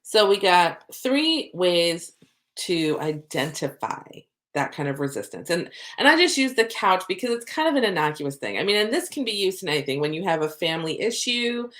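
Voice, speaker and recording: A middle-aged woman, a soul coach, talking casually to camera and acting out her own inner thoughts in lively asides. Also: on the low side, normal speed.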